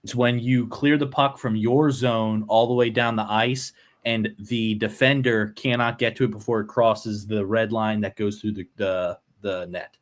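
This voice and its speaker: A man's voice: fairly low pitch, fairly even intonation, moderate pace. Playful young man on a podcast. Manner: playful, boastful, cheering. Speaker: co-host. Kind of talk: casual podcast banter.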